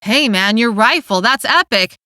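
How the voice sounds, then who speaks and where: A woman voicing a goofy, carefree teenage boy who gets excited easily. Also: fairly high pitch, unhurried, clean tone, no echo, studio quality.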